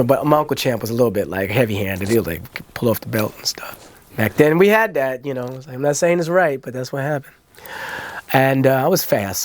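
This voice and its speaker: A middle-aged man, a guest in a candid interview, telling his life story and acting out the voices of family members. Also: mid-range voice. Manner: animated, acts out family voices and quotes.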